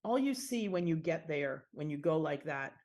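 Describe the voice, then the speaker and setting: A woman's voice: low voice, animated, moderate pace, a little mellow. A middle-aged woman from the Washington D.C. area, a podcast guest telling stories in a casual, chatty way full of fillers and restarts. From Washington D.C. area, United States. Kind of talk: casual conversational storytelling.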